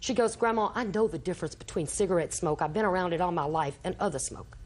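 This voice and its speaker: A woman's voice: lowish voice, fast, a little mellow. An older woman giving courtroom testimony, telling a long story and acting out the quoted dialogue. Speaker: litigant in small claims court.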